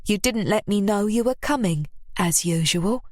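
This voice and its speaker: A woman's voice: medium pitch, expressive, moderate pace, dry recording, clean studio sound, lightly acted. Figure: a woman doing a careful, kindly mother. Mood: cautious. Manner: careful, soft, hopeful. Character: cautious, kindly middle-aged mother.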